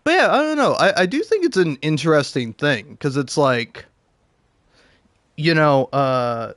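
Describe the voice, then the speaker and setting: A man's voice: fairly high pitch, big pitch swings, unhurried, fairly bright tone, no room sound. A man in his twenties rambling in casual commentary over gameplay, stammering and chuckling often. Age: 20s. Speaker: gaming commentator.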